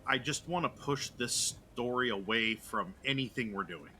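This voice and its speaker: A man's voice: medium pitch, lively intonation, moderate pace, bright, forceful tone, a little hiss or hum. A man playing in a tabletop horror game, joking playfully with the table. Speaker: player. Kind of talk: casual tabletop game banter.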